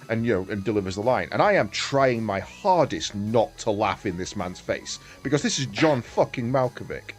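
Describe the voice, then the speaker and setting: A man streaming a game, chatting casually with a lively, swinging voice. He swears freely and laughs a lot. Faint music plays behind him. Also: on the low side, normal speed, few pauses. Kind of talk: casual chat while gaming.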